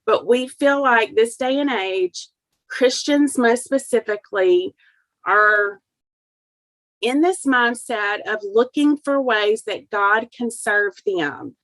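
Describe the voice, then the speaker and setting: A woman's voice: on the high side, animated, takes it slowly, fairly bright tone, dry recording, poor audio. A middle-aged woman telling a personal family story as an interview guest, earnest and heartfelt.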